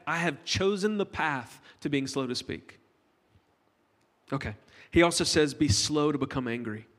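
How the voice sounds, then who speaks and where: A middle-aged pastor jokes with his congregation as he preaches in a relaxed, conversational style. His voice is on the high side with a fairly bright tone, and the church hall gives it a long reverb.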